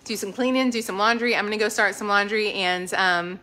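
A woman's voice: medium pitch, brisk, pushed and bright. A woman, hosting a home channel live stream from her kitchen and gushing thanks to viewers by name. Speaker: lifestyle channel host.

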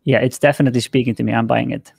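A man's voice: medium pitch, fairly even intonation, racing, creaky, a little mellow, slightly rough, no echo, clean studio sound. A man co-hosting a live webinar, chatting and joking offhand over a video call. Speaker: co-host. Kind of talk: casual chat.

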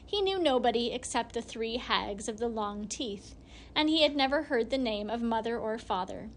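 A woman reading a storybook aloud in steady, measured narration. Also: on the high side, a little hiss or hum. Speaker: reader.

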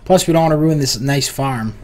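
A man's voice: mid-range voice, brisk, a little mellow. A young man hosting a casual gaming session, often sighing and exasperated with his teasing partner. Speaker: channel host and gamer.

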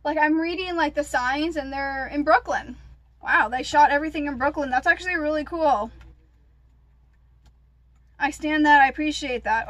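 High-voiced, gushing young woman vlogger. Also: normal speed, long pauses, no room sound. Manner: gushing, excitable, lots of gasps and "like". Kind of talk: casual unboxing chat.

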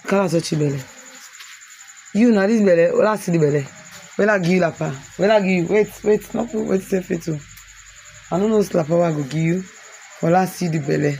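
A woman from Sierra Leone with a Krio accent, vlogging outdoors in a family compound on a handheld phone. She teases with quick questions and also explains things. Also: on the low side, gravelly, dark tone, slight background noise. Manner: teasing, rapid questioning, then explaining. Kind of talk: casual vlog talk, teasing and touring.

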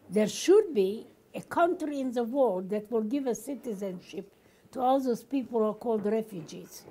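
Older woman, dinner speaker: husky, mellow, earnest and emphatic. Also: fairly high pitch. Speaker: guest speaker. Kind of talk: dinner talk speech.

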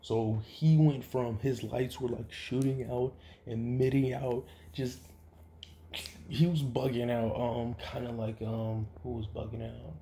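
A man casually retelling an imagined story, rambling with many fillers and restarts and getting loud and excited at the dramatic parts. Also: medium pitch, slight background noise. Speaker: fan-theory storyteller.

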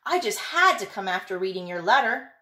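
A woman voicing the Tooth Fairy in a storybook, a busy, bright woman who exclaims. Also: medium pitch, big pitch swings, brisk, echoey room. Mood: gracious.

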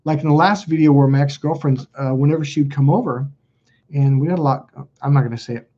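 Husky man telling stories animatedly. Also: a little high, fast, dull audio. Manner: animated storyteller, acts out quoted dialogue in raised voices. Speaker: self-help video host. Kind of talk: casual spoken monologue to camera.

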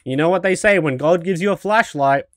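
A man's voice: fairly high pitch, brisk, a bit bright, no room sound, studio quality. A man streaming a video game with casual commentary, joking, cocky and swearing.

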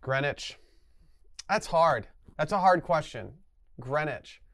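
A man's voice: a little high, lively intonation, slow, dry recording. A man competing in a comedic quiz, thinking his answers through aloud and mocking himself. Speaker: quiz contestant. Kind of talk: casual comedic quiz banter.

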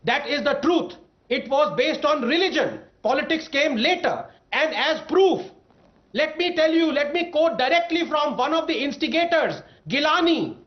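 A man's voice: very high-pitched, lively intonation, normal speed, dull audio. A man arguing emphatically as a panelist in a televised debate, rattling off long lists.

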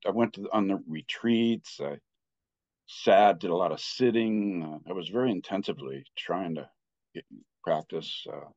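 An older man in his sixties telling his personal story as a Buddhist teacher. His voice sits low, and he talks haltingly, often restarting his sentences. The recording sounds dry and a little muffled. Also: darkish tone, dry recording. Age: 60s. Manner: halting, with frequent restarts and filler.

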